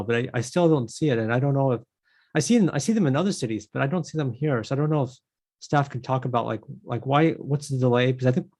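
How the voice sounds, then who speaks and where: A man's voice: medium pitch, darkish tone. Man, city council discussion, rambling delivery. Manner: rambling, many restarts and "you know". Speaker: city council member chairing the meeting.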